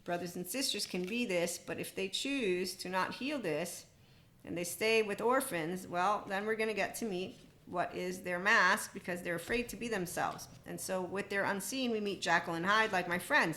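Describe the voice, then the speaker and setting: Bright-voiced woman in a rambling monologue. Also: mid-range voice, normal speed. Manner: rambling, candid, laughs often, swears freely. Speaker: podcast host. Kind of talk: casual spoken monologue.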